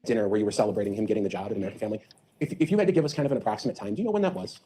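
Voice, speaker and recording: A woman's voice: rumbling low, very fast, warm tone, slight background noise. A woman attorney questioning a witness in court, polite, with many hesitations. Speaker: trial attorney.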